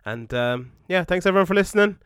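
A man's voice: high voice, expressive, fast talker, a bit bright, smooth, dry recording, studio quality. A man co-hosting a podcast, blunt and sarcastic, swearing freely in casual banter. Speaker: podcast co-host.

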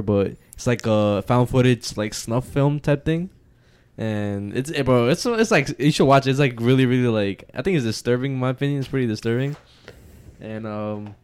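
Halting man with a smooth voice. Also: mid-range voice. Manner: halting, hesitant, many fillers and restarts. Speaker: podcast co-host. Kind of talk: casual chat.

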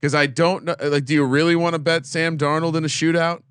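A man's voice: a little high, little pitch movement, brisk, fairly bright tone, clean tone, no echo, clean studio sound. A man hosting a casual sports betting chat, teasing his co-host as he reads the lines.

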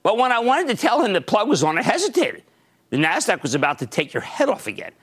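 An older man hosting a market show, delivering theatrical stock commentary, swinging from shouts to low asides. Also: wildly swooping pitch, fast talker, breathy edge.

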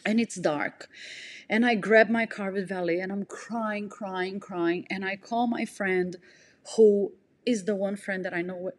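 A woman telling a personal story in an emotional, breathless way, jumping in pitch as she acts out what people said. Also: steady tone, unhurried. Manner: emotional, breathless retelling, acts out quotes with big pitch jumps. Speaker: podcast storyteller.

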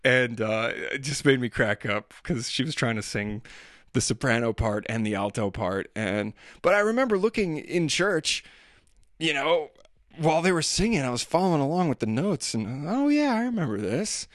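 A man's voice: medium pitch, expressive, normal speed, a bit bright, no room sound, studio quality. A man telling rambling, self-deprecating stories about family life in a casual monologue. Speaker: father talking about daily life.

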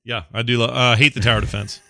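A man's voice: mid-range voice, fairly even intonation, quick pace, creaky, pushed and bright, dry recording, studio quality. A man co-hosting a podcast, chatting casually and rambling with fillers and self-corrections. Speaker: podcast co-host. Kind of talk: casual gaming chat.

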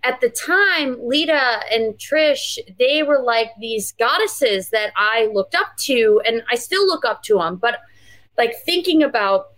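A woman's voice: on the high side, expressive, a little slow, fairly bright tone, no echo, low-quality recording. A woman guest on a podcast, reflecting in casual interview chat with frequent restarts and fillers. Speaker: podcast guest, pro wrestler.

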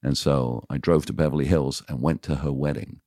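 Seasoned radio DJ as podcast guest, frank and animated, voices the people in his stories; rumbling low pitch, dead-dry room. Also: fairly quick, no room sound. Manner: animated, acts out quoted dialogue; frank, confessional. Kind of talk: casual storytelling in interview.

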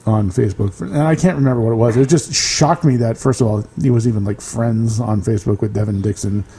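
A man's voice: lowish voice, fast talker, dark tone, husky, low-quality recording. A man co-hosting a podcast, chatting casually, teasing and laughing easily. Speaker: podcast co-host. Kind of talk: casual banter.

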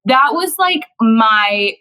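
A woman's voice: on the high side, animated, drawn-out words, pushed and bright, clear, resonant tone, poor audio. A young woman chatting as a podcast guest, giggly and rambling, often restarting her sentences. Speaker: podcast guest, actress and singer. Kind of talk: casual interview chat.

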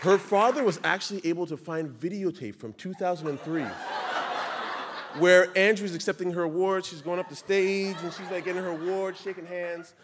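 Animated man telling a story. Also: high-pitched, moderate pace, a crowd in the background, background noise. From Canada. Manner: animated, laughing through lines, acts out quoted voices. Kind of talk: live personal storytelling on stage. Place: live stage event.

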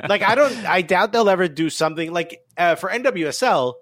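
A man co-hosting a comedy soccer show in casual chat, joking with quick playful asides. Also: sits high, lively intonation, fairly bright tone, no room sound, clean studio sound.

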